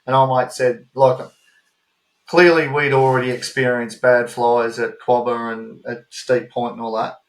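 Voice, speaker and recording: A man with an Australian accent co-hosting a podcast, telling animated travel stories in casual chat and swearing freely. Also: medium pitch, a little slow. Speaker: podcast co-host. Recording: roomy echo.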